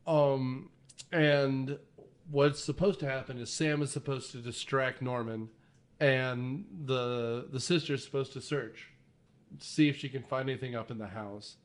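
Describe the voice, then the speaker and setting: A man hosting a casual movie podcast, animated and jokey, with frequent swearing and asides. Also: medium pitch, a little slow. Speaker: podcast host.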